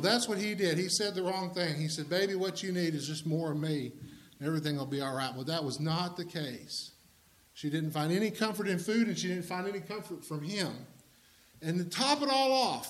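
High-voiced man preaching conversationally. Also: fairly bright tone, a little hiss or hum. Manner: conversational, humorous asides to the congregation. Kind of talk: sermon.

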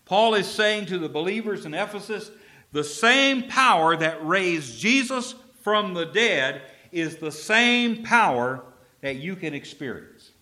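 A man from Texas, a preacher delivering an emphatic sermon and slowing down to stress key phrases. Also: high-pitched, lively intonation, pushed and bright.

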